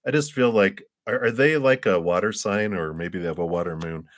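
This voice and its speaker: A deep-voiced man reads tarot cards for viewers on a live stream. He talks in a loose, chatty way and keeps musing aloud about what he feels. He laughs easily between his thoughts. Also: brisk, a bit bright. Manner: chatty, laughs often, thinks aloud with "I just feel like". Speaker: tarot reader. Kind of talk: live-stream card reading.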